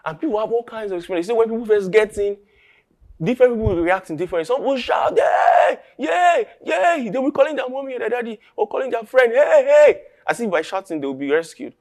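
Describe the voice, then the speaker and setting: A pastor with a Nigerian English accent, preaching a sermon that builds from quiet musing to loud, emphatic declaration. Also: male voice, high-pitched, expressive, very fast. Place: church.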